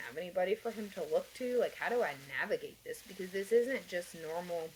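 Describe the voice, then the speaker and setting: A woman appears as a podcast guest, earnestly telling her personal story in a rambling, conversational interview full of fillers and light laughs. Her lowish voice is animated and brisk, and the low-quality recording carries a little hiss or hum.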